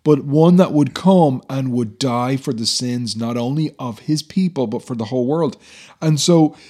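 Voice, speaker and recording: A man's voice: mid-range voice, normal speed, mellow. A man co-hosting a Bible discussion, explaining passages in an earnest, teacherly way with frequent fillers.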